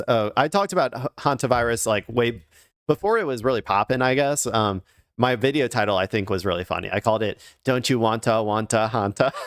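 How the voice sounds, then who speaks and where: A man's voice: mid-range voice, dry recording, clean studio sound. A man casually commenting on the news on his stream, rambling and hesitant with many fillers and restarts.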